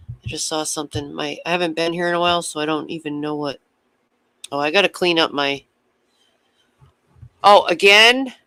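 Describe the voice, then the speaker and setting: A man's voice: fairly high pitch, pushed and bright, clear, resonant tone, no room sound. A man chatting casually with viewers on his livestream, rambling from topic to topic and swearing freely.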